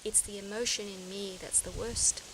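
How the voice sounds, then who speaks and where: Her mid-range voice stays fairly even in intonation at a moderate pace as she talks reflectively to her vlog audience. She's earnest and searching, often restarting sentences, with outdoor noise behind her.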